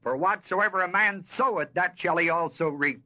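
Heard on a dull lo-fi sermon tape, this preacher has a high-pitched, bright, forceful voice. He teaches an expository sermon on a Bible passage in a folksy manner, hitting key words with long, emphatic stress and asking the audience questions.

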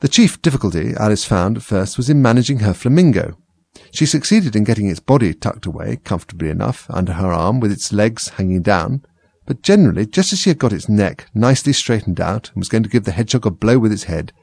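A man narrating a storybook in an expressive, lively reading. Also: on the low side, gravelly, husky, dry recording.

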